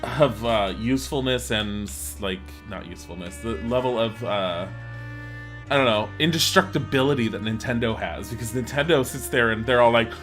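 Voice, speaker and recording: A man streams a game from his home setup, talking casually into a desk mic. His mid-pitched voice is bright and forward, rambling between laughs. He swears freely and gets excitable. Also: moderate pace, faint music behind. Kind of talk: casual live-stream chat over gameplay.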